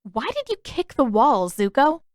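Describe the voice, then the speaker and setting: Woman doing a pushy, bright teenage waterbender girl. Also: fairly high pitch, animated, a little slow, dry recording, studio quality, pitched above the performer's own voice. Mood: demanding. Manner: loud, bright and insistent.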